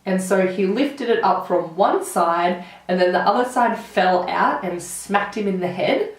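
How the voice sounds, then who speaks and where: Doing her makeup, an Australian woman in her twenties spins animated get-ready-with-me stories, dropping "like" constantly. She's a beauty vlogger with a medium-pitched, unhurried voice, picked up by a distant mic in a roomy space.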